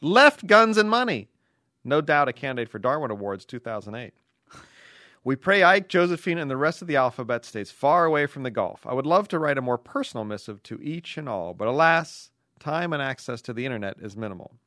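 A man's voice: mid-range voice, very animated, brisk, bright, forceful tone, dry recording, studio quality. A man co-hosting a podcast, reading listener letters aloud in a wry, laughing way.

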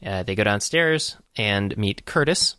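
A man casually talking about a film with a friend, recapping the plot slowly with lots of fillers. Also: fairly low pitch, animated, bright, forceful tone, clean tone, no room sound, clean studio sound. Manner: recaps plot in a halting, unhurried way with many fillers. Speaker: podcast co-host.

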